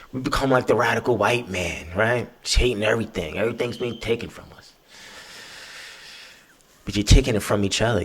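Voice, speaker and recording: A man's voice: lowish voice, fairly bright tone, husky. A man hosting a podcast, talking alone in a loose, profane, emphatic way and often tagging his points with "right?". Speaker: podcast host. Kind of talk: casual monologue.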